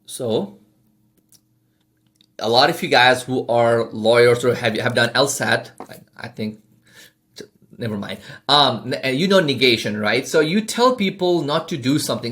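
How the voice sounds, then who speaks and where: A man giving an informal sales lesson, talking fast with lots of fillers and constant "okay?" check-ins. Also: medium pitch, animated, a bit bright. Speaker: sales trainer. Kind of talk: informal teaching talk.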